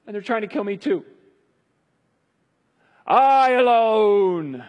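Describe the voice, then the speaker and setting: A man voicing a self-pitying prophet who pleads in a loud, rushed complaint. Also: very high voice, voice pushed up. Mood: despairing. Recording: long hall reverb.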